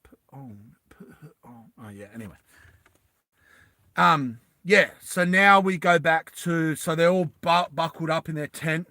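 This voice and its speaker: A man with a fairly high, bright, forceful voice improvises a story for listeners, wandering loosely with plenty of fillers and restarts. He leaps into the characters' dialogue, acting out their lines in quick bursts, and the sound has no echo.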